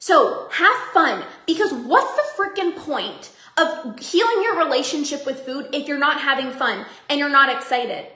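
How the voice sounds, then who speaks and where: A woman coach and podcast host giving an energetic, upbeat motivational talk to her members, often laughing. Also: high-pitched, normal speed, few pauses, reverberant.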